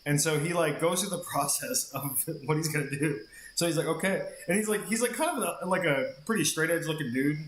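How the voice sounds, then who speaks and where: A man's voice: a little high, brisk, a bit bright, roomy sound. A man streaming a game, telling a long rambling story in casual chat and swearing freely. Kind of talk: casual chat while gaming.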